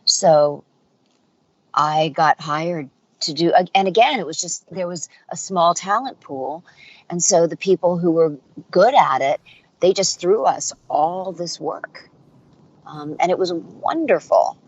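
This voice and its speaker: A woman's voice: fairly low pitch, takes it slowly, lo-fi sound. A middle-aged woman voice actor and dialect coach telling stories in a casual interview, acting out the voices she quotes. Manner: animated storyteller, acts out quoted voices.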